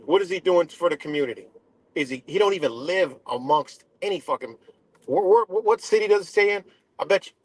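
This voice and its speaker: A man's voice: fairly high pitch, dry recording. Profane, ranting man on a dry close mic. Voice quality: dreadlocks wearer talking in a loose, street-casual way. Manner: profane, emphatic, repeats "right?" and "you know?". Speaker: live stream host. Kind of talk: casual ranting live stream.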